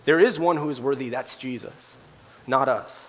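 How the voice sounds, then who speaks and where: A man pastor preaching a sermon in a church sanctuary, animated and acting out quoted voices. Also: medium pitch, normal speed, in a large hall.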